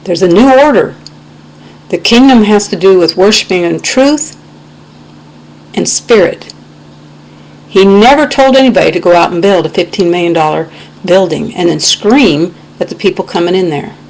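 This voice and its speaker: A woman's voice: fairly low pitch, normal speed, long pauses, a little mellow, poor audio. An American woman giving an impassioned, indignant webcam rant, quoting scripture as she talks. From United States. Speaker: video blogger. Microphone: webcam microphone.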